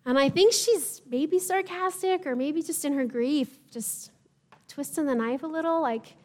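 High-voiced woman preaching a sermon. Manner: conversational storytelling, acts out voices of the crowd. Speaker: pastor.

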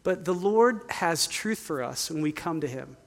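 A man's voice: on the high side, expressive, moderate pace, gravelly. A man in his forties, a youth pastor, preaching a candid, conversational sermon and asking the congregation to call out answers. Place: church sanctuary. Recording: long hall reverb.

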